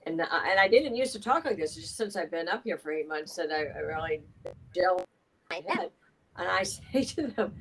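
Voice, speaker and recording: A state assemblywoman, appearing as a podcast guest, gives an emphatic, casual political interview, talking at length with asides. Her fairly low voice has lively intonation at a normal speed, though the recording is rough.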